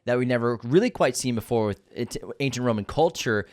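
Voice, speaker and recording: A man's voice: medium pitch, lively intonation, fairly quick, darkish tone. Guy on a movie podcast explaining stuff, quizzes his cohost, medium voice. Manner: explanatory, asks quiz questions, adds "you know". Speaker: podcast co-host. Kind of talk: casual movie chat.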